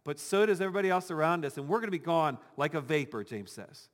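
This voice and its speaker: A man's voice: fairly high pitch, expressive, fast talker, big-room sound. A male pastor giving a conversational sermon with touches of humor, acting out imagined voices of the congregation.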